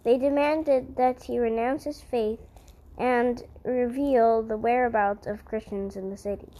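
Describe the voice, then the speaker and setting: A woman's voice: on the high side, steady tone, measured pace, dark tone, low-quality recording. A woman reading a historical Christian story aloud in an earnest way, often stumbling over words and correcting herself.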